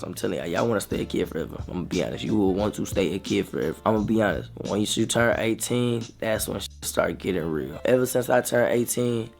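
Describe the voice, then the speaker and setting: A young man, telling a rambling, slangy storytime to his viewers that grows animated as he retells it. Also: lowish voice, fast talker, gravelly, hardly any pauses, soft background music. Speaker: vlogger. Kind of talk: casual storytime.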